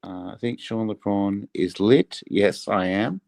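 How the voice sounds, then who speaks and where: A man with a lowish voice chats casually on a livestream. He sounds laid-back and unhurried, and he tosses out simple questions as the talk goes along. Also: vocal fry, a little mellow. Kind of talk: casual chat.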